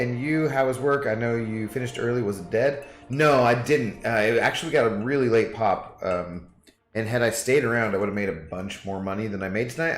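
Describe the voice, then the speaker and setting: A man streaming a game, chatting casually to his viewers in a rambling way with frequent fillers. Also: mid-range voice. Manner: rambling, talks to chat with fillers. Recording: echoey room, faint music.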